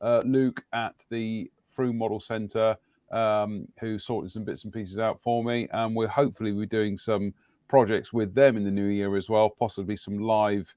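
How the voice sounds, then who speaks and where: A man hosting a casual live-stream chat from a home studio, his voice a bit croaky tonight, talking in a rambling, jokey way. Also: lowish voice, steady tone, moderate pace, darkish tone, no echo. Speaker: host.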